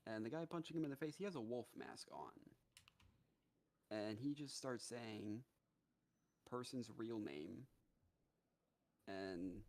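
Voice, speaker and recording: A man on a live gaming stream casually retelling a story, animated and profane, with many fillers. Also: on the low side, slow, pauses often.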